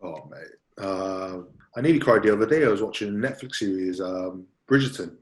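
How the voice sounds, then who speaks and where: A man from Wales chatting as a podcast guest, soft-spoken and laid-back, halting with lots of fillers. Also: deep voice, animated, poor audio. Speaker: guest, rugby player. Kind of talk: casual podcast chat.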